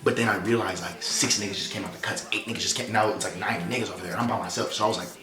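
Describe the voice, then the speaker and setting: A man's voice: fairly low pitch, fairly even intonation, very fast, a crowd in the background. A young man casually retelling a story in slangy, profane language, acting out the quotes as he goes. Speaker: storytelling vlogger. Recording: roomy echo, faint music behind.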